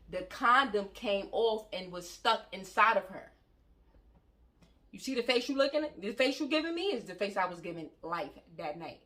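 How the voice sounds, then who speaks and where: A young woman vlogger telling a story to camera in a casual, slangy, animated way, acting out the scenes as she goes. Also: medium pitch.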